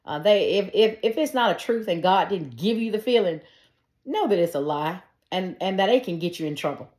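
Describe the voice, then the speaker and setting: A woman's voice: mid-range voice, lively intonation, fairly quick, darkish tone. A middle-aged woman telling a personal faith testimony, earnest and conversational, speaking straight to her listeners. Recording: echoey room.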